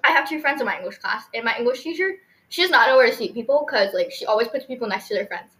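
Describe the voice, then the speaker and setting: A teenage girl hosts a podcast, rambling through stories with giggles and lots of fillers in casual chat. Her voice is a little high and a bit bright, animated and rapid-fire, and the recording is low-quality and reverberant.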